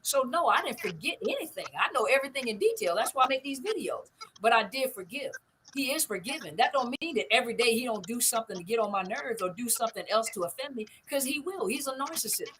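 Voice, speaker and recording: A woman's voice: a little high, animated, fast, fairly bright tone, a little hiss or hum, poor audio. A middle-aged woman hosting a casual live stream, talking emphatically, repeating her points and often asking if you see what she means. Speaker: host of a live stream on narcissistic abuse recovery. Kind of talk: casual live stream talk answering comments.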